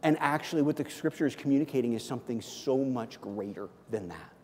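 A man preaching a sermon as a pastor, conversational and animated, often checking in with "okay?". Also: mid-range voice, fairly quick. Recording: long hall reverb.

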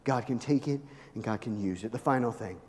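A man's voice: medium pitch, fairly quick, darkish tone, long reverb tail. A male pastor preaching an emphatic sermon, urging his listeners again and again to listen.

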